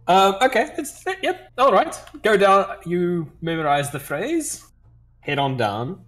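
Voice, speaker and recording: A man's voice: high voice, big pitch swings, slow, a bit bright. A man narrating as game master in a tabletop game, casual and laughing, with some swearing.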